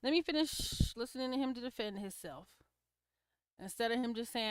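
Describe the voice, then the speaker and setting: A woman's voice: fairly high pitch, animated, a little fast, a bit bright, clear, resonant tone, dry recording, studio quality. A woman hosting a casual livestream, giving opinionated commentary on clips and reacting to viewer comments. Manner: opinionated, talks back to chat comments.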